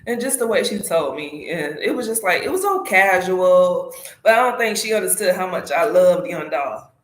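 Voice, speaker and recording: A woman's voice: lowish voice, moderate pace. A woman from South Carolina, telling an emotional story in casual, profane vlog chat at home. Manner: animated, emotional storytelling with frequent swearing. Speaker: motorcycle vlogger. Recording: echoey room.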